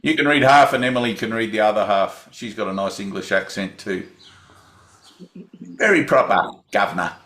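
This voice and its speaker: A man leading a spiritual group session over a video call, speaking gently with short encouraging affirmations. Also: fairly low pitch, fairly quick, few pauses, echoey room, a little hiss or hum.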